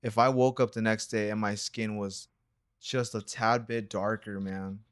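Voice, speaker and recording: A man's voice: fairly low pitch, level tone, measured pace, clear, resonant tone, dry recording, clean studio sound. A young man co-hosting a reaction channel, telling a story in a laid-back, rambling way full of slang and fillers. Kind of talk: casual storytelling chat.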